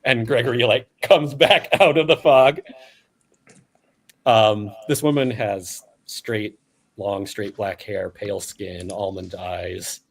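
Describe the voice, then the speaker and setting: A game master narrating a live-play tabletop game casually, with fillers and frequent laughs. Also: medium pitch.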